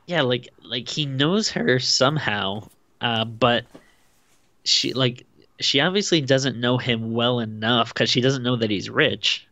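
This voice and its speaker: A man's voice: mid-range voice, a little slow, sharp tone, dry recording. Laid-back man co-hosting, dry sound. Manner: laid-back, laughs often. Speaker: podcast co-host. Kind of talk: casual review chat.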